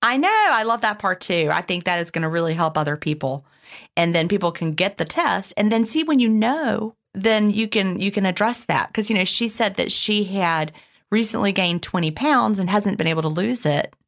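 A woman's voice: medium pitch, animated, normal speed. A woman co-hosting a podcast, chatting casually and reading listener questions aloud. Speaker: podcast co-host.

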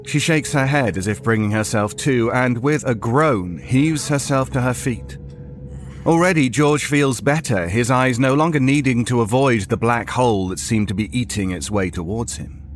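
A man narrating a horror story in a measured, storytelling way. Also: mid-range voice, faint music behind.

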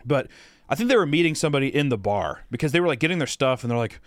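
Young male podcast co-host, mid-pitched, loose rambling storyteller who swears a lot, dry close mic. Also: animated, racing, no echo. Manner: rambling, heavy swearing, lots of fillers. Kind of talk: casual storytelling.

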